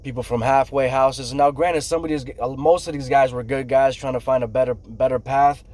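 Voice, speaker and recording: A middle-aged man who works in construction, telling a casual, profane story and acting out what people said, loud and animated. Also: medium pitch, brisk. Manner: profane, animated storyteller, acts out shouts and quotes. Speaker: construction worker telling stories.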